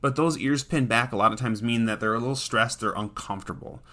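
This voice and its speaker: A man hosting a dog training podcast talks in a casual, earnest way. His voice is bright and forward, and his pitch sits in an ordinary male middle. He often restarts his sentences as he explains. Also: fairly quick. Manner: earnest, conversational, frequent restarts and fillers.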